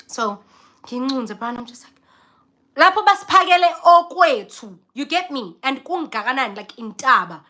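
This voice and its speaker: A young South African woman vlogger telling a story in a casual, animated way, often acting out the voices of the people in it. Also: high-pitched, measured pace, pauses often. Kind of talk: casual storytelling, mixing English and Zulu.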